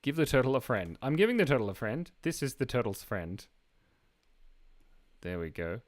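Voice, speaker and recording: A man's voice: mid-range voice, big pitch swings, normal speed. A man hosting a live drawing stream, chatting casually and playfully while reading viewer comments aloud. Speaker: live-stream artist host.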